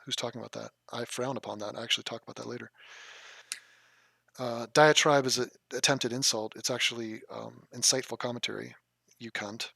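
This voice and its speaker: Gravelly, profane streamer guy. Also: mid-range voice, steady tone, brisk, pushed and bright, no echo, studio quality. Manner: crude, mocking, swears freely. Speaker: livestreamer reading chat. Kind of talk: casual profane live-stream chat.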